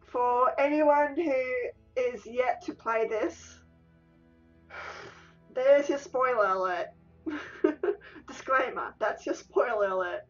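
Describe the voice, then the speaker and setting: An Australian woman does let's-play commentary as a gaming YouTuber, emotional and exclamatory, repeating the same exclamations again and again. Her voice is high and slow with frequent pauses, soft music plays behind her, and the mic sounds distant, dull and lo-fi.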